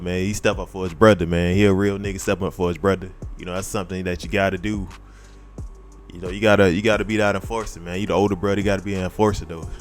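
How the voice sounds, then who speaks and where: Laid-back man reacting in slang. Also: low-pitched. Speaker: reaction host. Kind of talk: casual reaction commentary.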